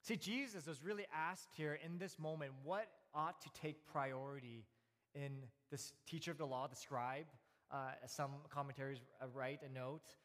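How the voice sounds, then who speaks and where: Male pastor, 30s, slightly high voice, easygoing sermon delivery full of "uh"s and restarts, long church-hall reverb. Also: moderate pace. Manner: relaxed storytelling with frequent fillers and restarts. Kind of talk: conversational sermon.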